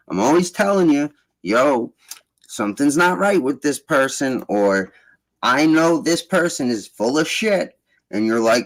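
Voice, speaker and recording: Man host, casual voice chat, lively swearing rants, pitch jumps around. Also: normal speed. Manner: profane, animated ranting.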